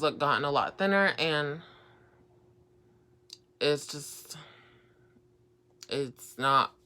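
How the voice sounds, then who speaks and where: A woman's voice: sits low, pushed and bright, smooth. A young woman telling a personal story in a casual vlog, rambling with many fillers and restarts. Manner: rambling, lots of fillers and repeats. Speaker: vlogger.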